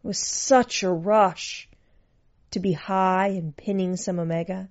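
Woman narrating a story, lots of expression, kinda muffled lo-fi sound, mid pitch. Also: fairly even intonation, unhurried. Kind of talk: reading fiction aloud. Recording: muffled lo-fi recording.

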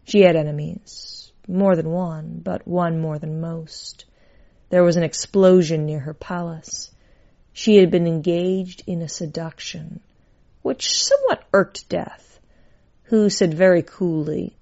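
A woman reading a story aloud in a measured, wry storytelling manner. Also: on the low side, creaky, warm tone. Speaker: narrator. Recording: dull lo-fi recording.

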